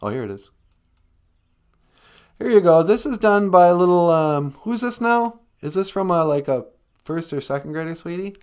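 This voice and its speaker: Rambling, lively-pitched male livestream host. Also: moderate pace, clear, resonant tone. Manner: rambling, joking, chatty. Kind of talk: casual livestream chat.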